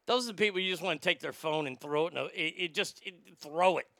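A man's voice: on the high side, fast, sharp tone, no echo. A man hosting a comedy podcast, ranting bluntly and profanely while answering listener mail. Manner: blunt, swearing, riffing storyteller. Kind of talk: profane comedic advice rant.

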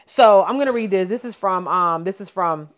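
A woman's voice: mid-range voice, normal speed. A woman co-hosting a podcast, reading news stories aloud in casual chat with stumbles and asides. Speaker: podcast co-host.

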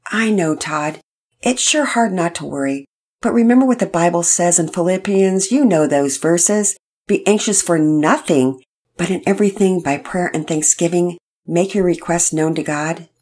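A woman voicing a calm young boy who gently reassures his friend. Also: lowish voice, moderate pace, lightly acted. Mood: reassuring.

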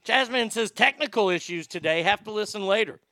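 Gravelly, bright-voiced male ex-radio host. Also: high voice, brisk, dry recording, clean studio sound. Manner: animated, swearing freely, laughing. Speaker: former radio host reading viewer comments. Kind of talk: casual storytelling livestream.

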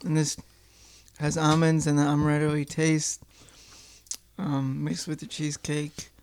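A man co-hosting a casual podcast where the hosts taste food, chatty and playful, quick to laugh. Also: on the high side, completely flat delivery, a little mellow, clear, resonant tone. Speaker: podcast co-host. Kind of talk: casual food-tasting chat.

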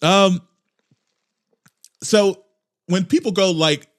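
A man hosting a comedy podcast, delivering a casual, profane monologue with lively swings in pitch and loudness. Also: extremely slow. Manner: animated, profane ranting with mock voices. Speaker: podcast host.

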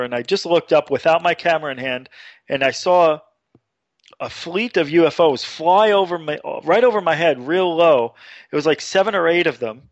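Excitable man telling a story, lo-fi. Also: no echo. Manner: animated, acts out quotes with sudden high pitch. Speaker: guest. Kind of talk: casual storytelling.

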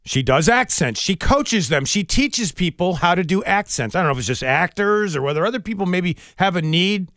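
Male morning radio host, animated newsreader delivery, dry close studio mic. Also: high-pitched, dry recording. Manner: lively, quick newsreader delivery with chuckles. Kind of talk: radio show banter and sports news reading. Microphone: studio microphone.

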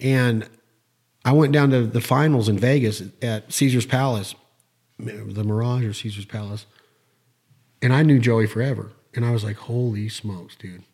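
Animated man telling a story. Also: mid-range voice, normal speed, husky. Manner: animated storyteller, acts out quoted voices. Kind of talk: casual storytelling chat.

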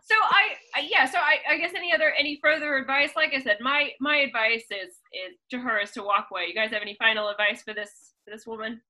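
Very bright-voiced woman co-host. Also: sits high, quick pace, few pauses, poor audio. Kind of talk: casual comedic chat.

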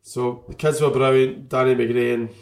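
A man's voice: mid-range voice, level tone, measured pace, darkish tone. Emotional rambling man. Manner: emotional, rambling, trailing off and restarting. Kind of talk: casual chat about football.

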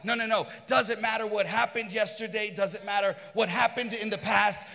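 A man preaching a sermon, fervent and repetitive, at times shouting. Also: sits high, fairly even intonation, normal speed, creaky, hardly any pauses, long reverb tail, a little hiss or hum. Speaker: pastor.

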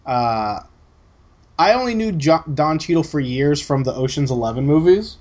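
A man's voice: fairly high pitch, expressive, normal speed, a little mellow. Laid-back, swearing man chatting casually. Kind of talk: casual chat.

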